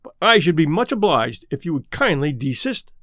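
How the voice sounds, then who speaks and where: A man reading aloud, voicing an angry, rough-haired male lawyer who speaks sharply and indignantly. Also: a little high, big pitch swings, normal speed, a bit bright, no room sound, studio quality. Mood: agitated.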